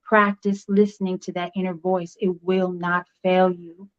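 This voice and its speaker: A woman's voice: on the low side, flat delivery, a little slow, dull audio. A woman who is a grandmother, a guest author giving earnest, emphatic advice. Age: older.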